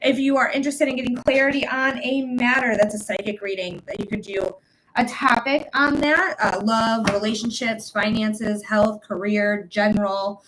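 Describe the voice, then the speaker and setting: A woman's voice: on the high side, fairly even intonation, moderate pace, fairly bright tone, a little hiss or hum, low-quality recording. A woman psychic reader hosting a live stream, chatting casually and welcoming viewers by name over and over. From United States.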